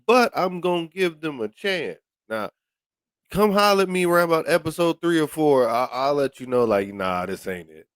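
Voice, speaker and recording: Lively stammering male podcast host. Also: moderate pace, smooth, no echo, studio quality. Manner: stammering restarts, lively pitch swings. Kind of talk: casual commentary.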